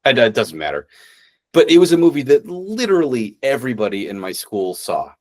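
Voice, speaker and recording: A man co-hosting a podcast, telling a story in casual chat, relaxed, with many fillers. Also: mid-range voice, a little fast. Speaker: podcast co-host.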